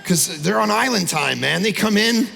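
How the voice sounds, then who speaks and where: A man preaching an animated sermon as pastor, with shouting peaks and quick impressions of people. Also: high-pitched, gravelly. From Canada. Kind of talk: energetic sermon. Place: large church auditorium. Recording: long hall reverb.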